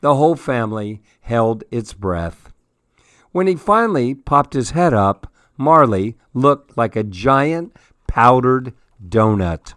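Guy reading a kids storybook aloud, slow and expressive, dry close sound. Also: medium pitch, no room sound. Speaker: radio story-hour host.

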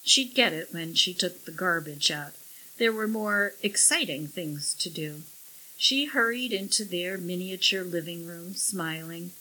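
A woman reads a story aloud at an unhurried pace, with a wry, measured delivery. Her voice sits a little low but sounds bright, with a breathy edge. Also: rough recording. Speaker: narrator. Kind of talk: audiobook narration.

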